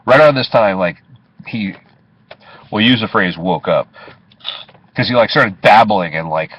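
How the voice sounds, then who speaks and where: A man's voice: lowish voice, animated, a little slow, fairly bright tone, husky. A man, a taxi driver, casually telling a story from inside his cab, swearing and chuckling as he goes. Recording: dull lo-fi recording.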